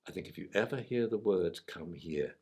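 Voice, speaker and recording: A wise old Akita, calm and deep-voiced, handing out soothing advice to a young pupil, as a man puts him on. His tone drops low and soft. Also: normal speed, breathy edge, exaggerated voice.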